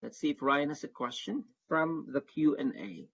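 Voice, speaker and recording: A man leads an online workshop as an advisor to international students. He sounds earnest and says his main points twice to drive them home. His voice is a little husky, and the call audio is dull and lo-fi. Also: on the high side, expressive, moderate pace, fairly bright tone. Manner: earnest, repeats key advice for emphasis. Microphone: video call.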